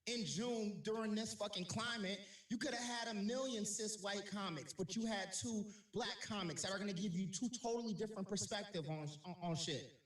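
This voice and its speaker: A man with a high, lifted voice talks animatedly as a comedian guest, swearing freely and laughing often. He sits back from the mic in an echoey room. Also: moderate pace, fairly bright tone, recorded from a distance. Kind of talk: casual podcast chat.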